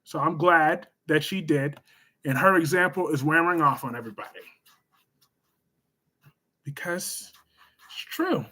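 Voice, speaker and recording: Bright high-voiced man chatting on stream. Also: unhurried, long pauses. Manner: chatty, animated, scolds chatters loudly then gushes warmly. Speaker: live stream host. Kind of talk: casual live stream chat, reading viewer comments.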